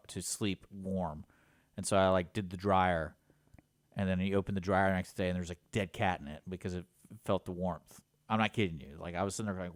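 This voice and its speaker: A man's voice: low-pitched, no echo, clean studio sound. A man co-hosting a community radio talk show, telling rambling anecdotes in a casual way. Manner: rambling anecdotes, does funny voices. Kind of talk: casual studio chat. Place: radio studio.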